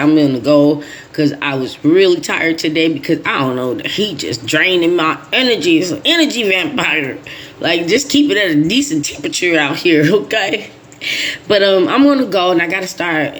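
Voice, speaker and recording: A woman vlogger in casual chat to camera, rambling and animated, repeating herself for emphasis. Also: on the low side. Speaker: vlogger, channel host.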